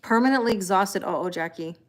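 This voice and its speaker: A woman's voice: mid-range voice, fairly quick, slight background noise. A middle-aged woman hosting a casual tarot live stream at home, chatting and greeting viewers by name, laughing often. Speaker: tarot reader livestream host.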